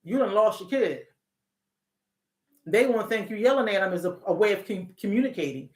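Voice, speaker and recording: A woman's voice: mid-range voice, animated, moderate pace. Middle-aged woman host, therapist, AAVE speech, conversational, restarts and rhetorical questions, roomy echoing sound. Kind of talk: casual talk on parenting and emotions. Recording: echoey room.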